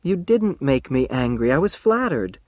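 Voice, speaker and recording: A gentle young woman teacher, cautious and patient, pleading softly as a male narrator reads her part. Her voice rises and falls in a lively sway and sits close to the mic with no room around it. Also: mid-range voice, normal speed, no echo, natural voice. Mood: gently cautious.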